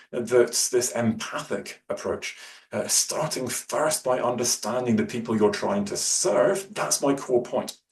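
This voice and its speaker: Hesitant man lecturing from across a roomy space. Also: mid-range voice. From Scotland. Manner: hesitant, many fillers, varies loudness and pace. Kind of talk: workshop talk on public speaking. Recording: roomy, distant mic, faint hum.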